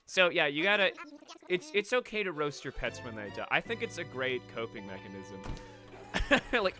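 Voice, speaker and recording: A man's voice: fairly high pitch, expressive, moderate pace, bright, forceful tone, soft background music. A young man on a late-night game stream, rambling emotionally about a lost pet, choked up at times. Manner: rambling, emotional, with restarts and swearing.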